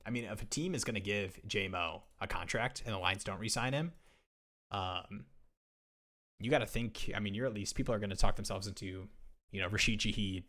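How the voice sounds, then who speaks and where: A man with a fairly low voice co-hosts a live fantasy football stream, trading jokes and wandering into asides. He chats loosely and casually, close to a desk mic at home. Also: brisk, fairly bright tone. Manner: joking, laughs at his own lines, rambling asides.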